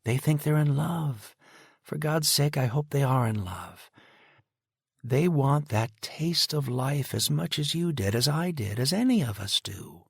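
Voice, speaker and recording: A man voicing an earnest middle-aged woman who gently but insistently pleads with a father. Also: fairly high pitch, expressive, unhurried, gravelly, slightly rough, no room sound, clean studio sound, voice pushed up, full character voice. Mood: pleading.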